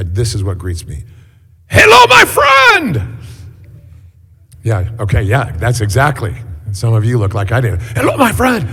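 A middle-aged man giving a sermon as a guest preacher in a church, telling stories in a relaxed, chatty way with many fillers. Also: deep voice, slightly rough. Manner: conversational storytelling with many fillers. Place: church hall. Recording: echoey hall.

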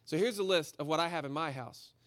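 A man giving a guest sermon in a casual, energetic, slangy storytelling way. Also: on the high side, quick pace, no echo, studio quality. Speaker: guest preacher. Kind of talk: conversational sermon.

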